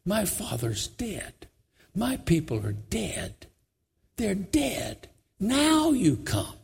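A man voicing a young tribal man who asks slow, pleading questions in grief. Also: high-pitched, creaky, a little mellow, slight background noise, full character voice.

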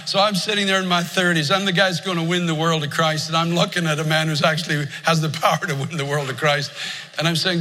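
An older male pastor preaches in an earnest, storytelling way, his voice pitched high and strikingly sharp and bright. A long reverb rings around him, as in a large church sanctuary. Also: fairly even intonation, fairly quick, a little hiss or hum. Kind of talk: sermon.

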